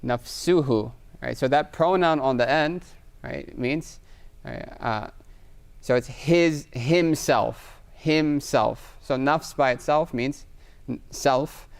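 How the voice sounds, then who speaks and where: A man gives a patient grammar lecture, pausing often to ask "right?" as he works through examples. His voice has a gravelly edge yet stays smooth and clear. He sits at a middling pitch. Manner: explains patiently with frequent "right?" checks, writing examples on a board. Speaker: Arabic grammar teacher. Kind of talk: classroom lecture.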